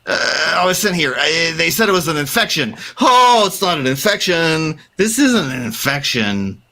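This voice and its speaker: A man's voice: on the high side, sing-song, moderate pace, pushed and bright, voice pushed up, exaggerated voice. A man voicing a panicked doctor in the Old West who stammers and pleads.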